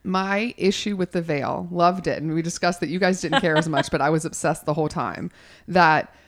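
A woman co-hosting a casual chat, telling stories in an animated way. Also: on the low side, normal speed. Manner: chatty, animated storytelling. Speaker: podcast co-host.

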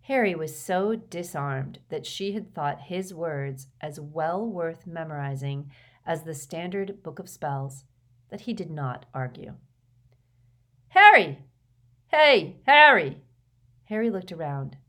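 A woman narrating a novel as an audiobook, in a steady, measured storytelling manner. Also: low voice. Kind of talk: scripted narration.

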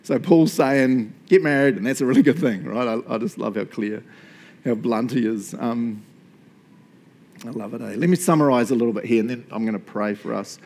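A middle-aged man with a New Zealand accent, preaching a sermon in a chatty, animated way and laughing often between points. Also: medium pitch, normal speed. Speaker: pastor.

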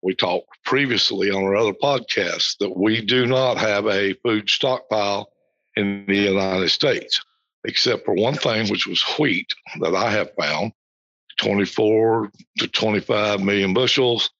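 A low-pitched man hosts a podcast, reading official text aloud and repeating key passages slowly. The sound is dry and a little dull and lo-fi. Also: a bit bright, no echo. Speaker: podcast host.

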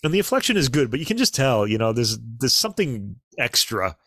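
A man co-hosting a casual podcast, chatting about classical recordings in a relaxed way with fillers and asides. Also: mid-range voice, fairly quick, dry recording, studio quality. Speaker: podcast co-host.

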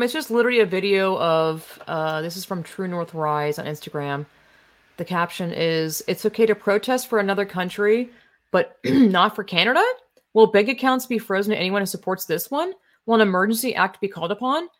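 A woman's voice: fairly low pitch, a bit bright. A woman hosting casual political commentary, reading out articles and reacting in a blunt, sarcastic, profane way.

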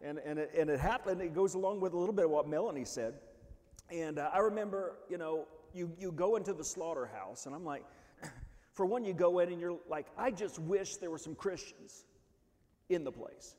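High-voiced preacher in a reverberant hall. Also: male voice, fairly quick. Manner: swings from hushed to shouting, restarts often. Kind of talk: sermon testimony. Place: church hall. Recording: long reverb of a church hall.

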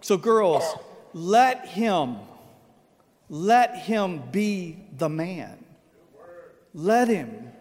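A man preaches in a light, high voice. He jokes in a folksy way and drops to a hush to make a point. A long church-hall reverb trails his words. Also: expressive, drawn-out words, long pauses, slight background noise. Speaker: pastor. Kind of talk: sermon. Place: church sanctuary.

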